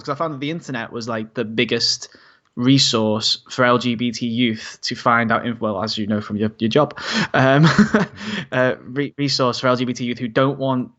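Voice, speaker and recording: A talkative man with a Scouse accent, rambling through a casual conversation and breaking into laughs. His voice sits mid-pitch on a slightly dull recording. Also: fairly bright tone. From Liverpool, England. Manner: chatty, rambling, laughs often. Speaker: guest, podcaster and activist.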